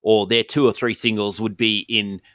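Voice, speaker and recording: A man co-hosting a music podcast in a low, bright voice. He rambles with frequent hesitations and restarts. The sound is close and dry. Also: flat delivery, moderate pace, no echo. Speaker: podcast co-host. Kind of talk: casual chat.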